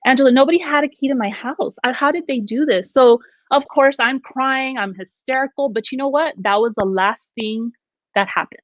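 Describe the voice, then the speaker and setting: A woman's voice: high-pitched, moderate pace, dry recording. A woman telling her own ghost story in casual conversation, acting out the quoted lines as she goes. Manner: animated, acts out quoted lines. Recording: dull, dry lo-fi audio.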